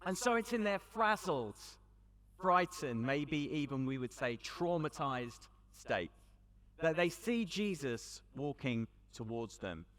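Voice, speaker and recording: A man with a British accent giving a storytelling talk to a young audience at an event, conversational with dramatic pauses. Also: a little high, very animated, fairly bright tone. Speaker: youth event speaker. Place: large hall with audience. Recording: long hall reverb.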